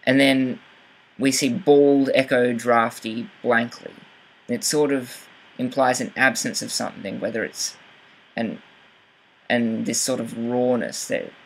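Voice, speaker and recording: Gravelly, hesitant young man explaining poetry. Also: medium pitch, low-quality recording. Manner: hesitant, with frequent fillers and self-corrections. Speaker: writing channel host. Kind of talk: casual explanatory talk with poetry reading.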